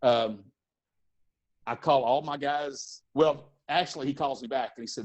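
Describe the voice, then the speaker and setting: Man telling animated backstage stories. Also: mid-range voice, measured pace. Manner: animated anecdote-telling with fillers and acted-out quotes. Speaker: music and wrestling promoter. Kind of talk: casual storytelling in a podcast interview.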